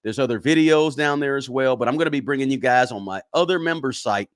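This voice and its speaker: A man's voice: mid-range voice, fast talker, dry recording, clean studio sound. A man hosting a live finance stream, talking casually and directly to his viewers and often repeating himself. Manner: chatty, talks straight to viewers, repeats himself. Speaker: finance livestream host. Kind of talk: casual livestream chat.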